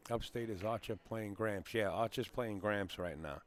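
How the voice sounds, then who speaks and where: Chatty man with a very low voice. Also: normal speed. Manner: chatty, rambling, greets viewers by name. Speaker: live stream host. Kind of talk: casual live-stream chat. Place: pool hall.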